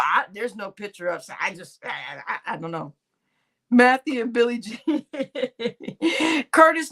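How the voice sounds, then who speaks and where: A woman's voice: fairly high pitch, fairly bright tone. A woman hosting a livestream, chatting casually with viewers and a co-host, laughing often and calling the audience y'all.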